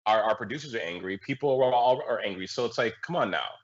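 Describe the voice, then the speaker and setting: A male guest commentator on a political talk show, speaking in an impassioned, halting way with many restarts. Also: on the low side, animated. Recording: muffled lo-fi audio.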